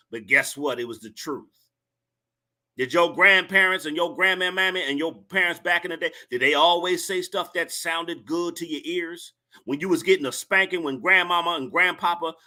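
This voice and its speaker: Bright-voiced man lecturing his live chat. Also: a little high. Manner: lecturing, scolding, repetitive. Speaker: livestream host. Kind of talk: ranting commentary to a live chat.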